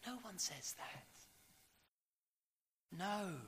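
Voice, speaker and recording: Bright-voiced male preacher, emphatic sermon. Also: a little high, expressive, moderate pace, a little hiss or hum. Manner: emphatic, builds with rising repeated questions.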